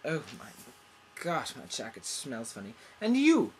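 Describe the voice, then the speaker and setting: A pompous soap opera diva, played by a woman in a comic parody, speaking in a low, husky voice with a bright edge. Her pitch swings widely as she overplays every line with mock drama. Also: wildly swooping pitch, measured pace, exaggerated voice. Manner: overblown, mock-dramatic delivery.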